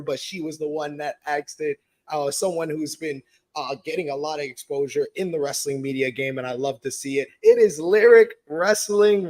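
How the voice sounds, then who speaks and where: A man hosting a wrestling podcast in casual chat, his voice hoarse and tired, often repeating words. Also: a little high. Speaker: podcast host.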